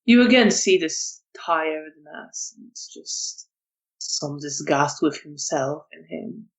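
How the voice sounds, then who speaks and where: A woman narrating a tabletop vampire game as storyteller, soft-spoken and hesitant with fillers. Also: sits low, expressive, takes it slowly, low-quality recording.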